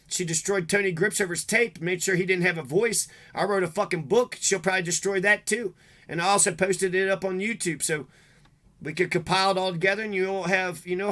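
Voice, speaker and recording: A man's voice: sits high, bright, forceful tone. A man delivering a rambling, bitter, profane monologue to the camera. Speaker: vlogger.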